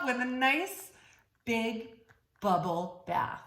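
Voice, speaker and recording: A woman's voice: on the high side, lively intonation, moderate pace, a bit bright, roomy sound, a little hiss or hum. A woman reading a picture book aloud to young children in a playful, sing-song storytime voice, leading them in call-and-response chants. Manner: playful, encouraging teacher voice.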